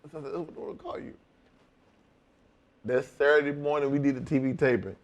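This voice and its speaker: A man's voice: mid-range voice, a little fast, muffled recording. Profane man telling a wrestling story. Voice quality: profane, animated retelling. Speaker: guest, former wrestler. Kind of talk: storytelling in casual chat.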